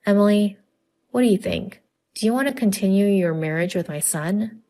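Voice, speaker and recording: A woman voicing an angry middle-aged father-in-law who loudly scolds his wife and son in a narrated story. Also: medium pitch, normal speed, lightly acted. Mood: stern. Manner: loud, scolding.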